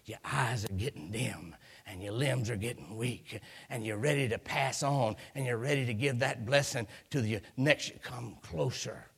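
A man, a preacher, voicing a dying old father who calls his son closer in a faint, breathy, slow whisper. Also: medium pitch, pitched below the performer's own voice. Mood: weak, beckoning. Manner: slow, drawn-out pleading.

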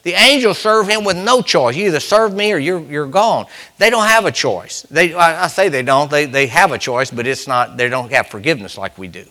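A man delivers a sermon with a bright, forward tone, pitched a little above most men. He speaks conversationally, circling back to repeat his main phrases and stretching out the words he wants to land. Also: lively intonation. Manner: conversational preaching, repeats and restarts phrases, slows for emphasis. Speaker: preacher.

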